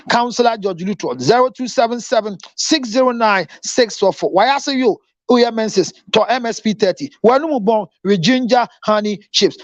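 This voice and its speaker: A man's voice: high voice, no room sound, dull audio. A man with a Ghanaian accent, a counselor and show host, giving upbeat promotional announcements and repeating phone numbers.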